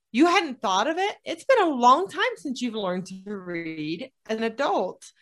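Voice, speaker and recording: A woman's voice: mid-range voice, a bit bright. A woman hosting a podcast, introducing her guest and emphatically picking up on points she made. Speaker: podcast host. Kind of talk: podcast conversation.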